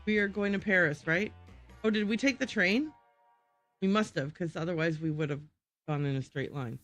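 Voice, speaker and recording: A woman's voice: on the low side, normal speed, a bit bright, dry recording, faint music behind. A woman game streamer chatting live to her viewers, giggly and self-deprecating. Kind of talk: live gaming commentary.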